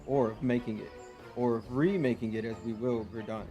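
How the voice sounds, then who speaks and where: An actor playing a cold imperial agent who speaks in a formal, condescending way in a game cutscene. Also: male voice, medium pitch, fairly even intonation, a little fast, dark tone, muffled recording, faint music behind, lightly acted. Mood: mocking.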